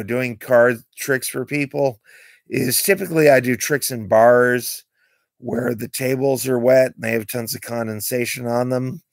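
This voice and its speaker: A man's voice: mid-range voice, gravelly, dry recording. A man rambling through candid stories in a late-night livestream monologue, close to his desk mic. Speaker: streamer.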